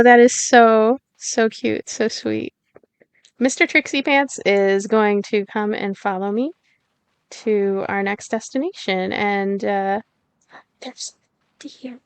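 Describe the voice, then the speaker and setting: A young woman chats through a cozy game in a bubbly, giggly way, cooing at the animals she meets. Her voice sits a little high, and she talks slowly and lingers over her words. The sound is dry and close, with no room echo at all. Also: clear, resonant tone. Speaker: gameplay streamer. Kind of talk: casual let's-play commentary.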